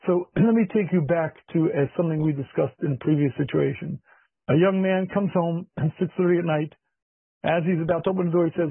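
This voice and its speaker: A man teaching a marriage class as a rabbi, husky and throat-clearing, emphatic, repeating key lines and acting out conversations, recorded with a thin, phone-like sound. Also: a little high, steady tone, quick pace, dry recording. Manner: emphatic, repeats key phrases, acts out dialogue. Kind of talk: lecture.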